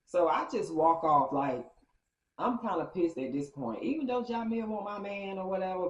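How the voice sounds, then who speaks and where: A woman telling a story in a casual storytime vlog, chatty and animated as she acts out the dialogue. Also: sits low. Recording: roomy, dull lo-fi sound.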